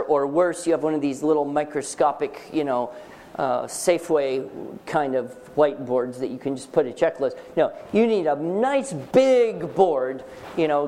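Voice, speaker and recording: A man's voice: a little high, a little mellow. A man teaching a writing workshop for parents in a seminar room with a live audience. He is emphatic and joking, and he quizzes the listeners.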